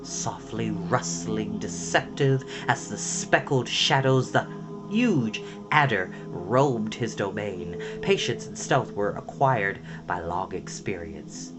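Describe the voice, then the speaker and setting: A man's voice: lowish voice, animated, slow pace. A man reading a children's novel aloud with dramatic expression. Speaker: storyteller. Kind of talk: storybook read-aloud. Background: music.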